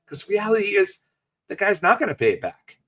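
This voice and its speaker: A male pastor preaching in a chatty, storytelling way, tossing in jokey asides. His voice sits a bit high and leaps around a lot in pitch. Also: wildly swooping pitch, a little fast, fairly bright tone. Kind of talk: sermon.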